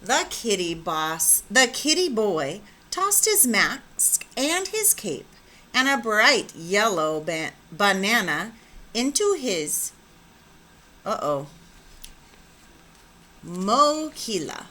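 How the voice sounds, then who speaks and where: A woman teacher reading a picture book aloud with expressive, animated storytelling. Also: mid-range voice, very slow.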